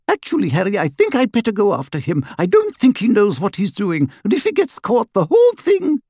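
A man reading an audiobook, voicing a clever, anxious teenage witch girl who gives quick, precise instructions. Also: sits high, huge pitch swings, gravelly, no room sound, studio quality, voice pushed up, exaggerated voice. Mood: urgent.

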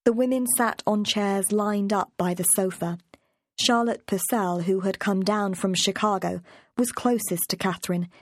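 A woman narrates an audiobook in a measured, steady storytelling voice. Her pitch sits in an ordinary middle range. The recording is dry and close, with no room sound around her. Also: no echo. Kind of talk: scripted narration.

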